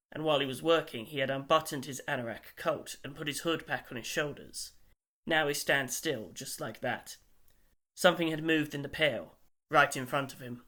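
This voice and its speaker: A man reading a story aloud as an audiobook narrator, in a measured and wry manner. His voice sits a little high and sounds bright and forward.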